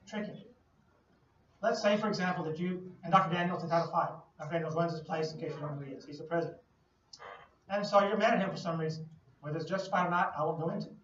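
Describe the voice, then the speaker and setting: A man with a slightly high, fairly bright voice gives a classroom lecture in a lecture hall, explaining with playful everyday analogies and questions to the class. The recording is distant, echoey and lo-fi.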